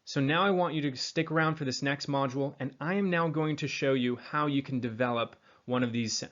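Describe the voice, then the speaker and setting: A man teaching accent and pronunciation, demonstrating sounds slowly and repeating words, with a General American accent. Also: medium pitch, fairly bright tone, muffled recording. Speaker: accent coach.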